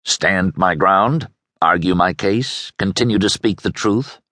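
Man doing a stubborn soldier, calm, firm, low voice, audiobook. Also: unhurried, no echo, studio quality, heavily acted. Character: stubborn soldier brother, steady and principled. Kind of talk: audiobook character voice.

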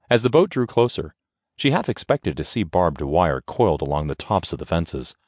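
A man with a deep voice narrates an audiobook in an expressive, measured way. His pitch rises and falls widely. The sound is dry and close, like a studio mic. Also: dry recording.

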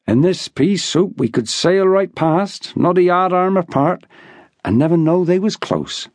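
A gruff, stubborn old seaman, as a man puts him on, growling his words in rough dialect speech. The voice sits a touch high and sounds close and dry, with slow, dragging phrases. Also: animated, a little mellow, no room sound.

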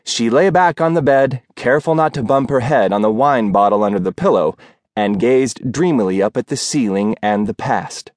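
A male audiobook narrator reading a novel in a measured, wry storytelling manner. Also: mid-range voice, expressive, no echo, clean studio sound. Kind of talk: scripted narration.

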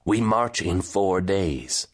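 Narrator voicing a brutal general, scornful and menacing, slow delivery. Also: male voice, sits low, animated, heavily acted. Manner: scoffing, menacing.

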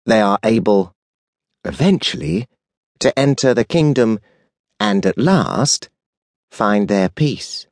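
A man voicing a stern, measured male angel in an audiobook, speaking slowly and deliberately in a lowered tone. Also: expressive, dry recording, studio quality. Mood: solemn. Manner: slow, deliberate, lowered delivery. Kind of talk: audiobook character voice.

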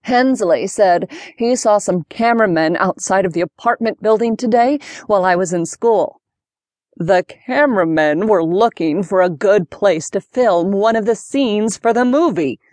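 A woman voicing a friendly older boy cousin who shares news slowly and excitedly. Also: mid-range voice, dry recording, lightly acted.

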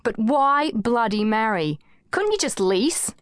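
A woman's voice: a little high, lively intonation, slow pace, smooth, no echo, studio quality. Woman doing a barking, sardonic feminist. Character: brusque, contemptuous young feminist woman. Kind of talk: audiobook character voice.

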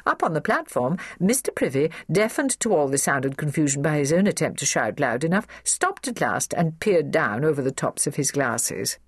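A woman narrating a children's audiobook in an expressive, storytelling way, recorded in a studio. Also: deep voice, normal speed, hardly any pauses, breathy edge, no room sound.

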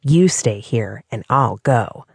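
A woman's voice: rumbling low, animated, takes it slowly, gravelly, husky, no room sound, studio quality, pitched below the performer's own voice, exaggerated voice. A woman voicing a stubborn, protective young man who speaks tersely and defiantly. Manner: terse, defiant, flaring into shouts.

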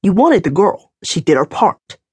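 A woman reading an audiobook, voicing a calm man who talks in a soothing, persuasive way while brokering a deal. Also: lowish voice, moderate pace, breathy edge, dry recording, exaggerated voice.

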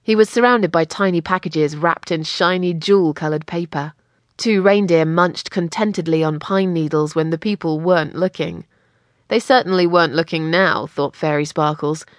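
A woman's voice: deep voice, normal speed, no room sound, studio quality. A woman reading a story aloud as an audiobook narrator, with a playful, lightly teasing delivery. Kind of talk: scripted narration.

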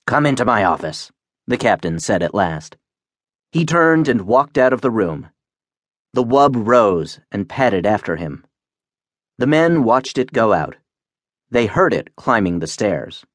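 A man reading science fiction aloud as an audiobook narrator, in a measured, expressive way on a close studio mic. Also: on the low side, no echo. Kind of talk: scripted narration.

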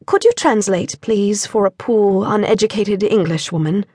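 A woman's voice: mid-range voice, moderate pace, warm tone, husky, no room sound, studio quality, lightly acted. A woman voicing a poised, teasing young English actress in an audiobook, light and playful.

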